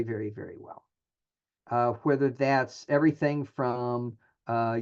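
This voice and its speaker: A man's voice: medium pitch, darkish tone. Man presenting, conversational and filler-heavy. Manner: conversational, many filler words and restarts. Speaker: planned giving presenter. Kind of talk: webinar presentation. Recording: dull lo-fi audio.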